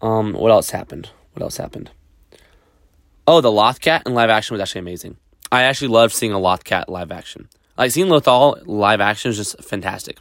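A man's voice: fairly low pitch, fairly bright tone, no echo, studio quality. A man talking casually as a podcast host, rambling with many fillers and restarts. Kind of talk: casual solo review talk.

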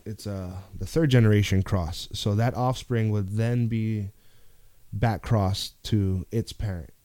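A man's voice: fairly low pitch, steady tone, unhurried, warm tone, no echo. A laid-back man, talking casually as the grow expert on a podcast, often saying "dude".

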